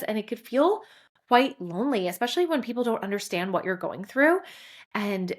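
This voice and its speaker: A woman's voice: fairly high pitch, animated, normal speed. A woman in her forties hosts a solo podcast, telling her story openly and with feeling. Her speech is loose and conversational, full of small fillers, and at moments she sounds close to tears. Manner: candid, emotional storytelling with many fillers. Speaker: podcast host.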